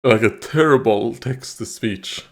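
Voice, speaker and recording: A man's voice: medium pitch, measured pace, creaky. A man hosting a reaction video, talking casually and thinking aloud, rambling with fillers and laughs. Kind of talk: casual commentary.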